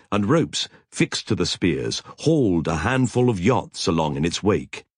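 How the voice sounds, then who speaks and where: A man narrating an audiobook in a measured, expressive reading. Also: lowish voice, slightly rough, dry recording, clean studio sound. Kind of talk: scripted narration.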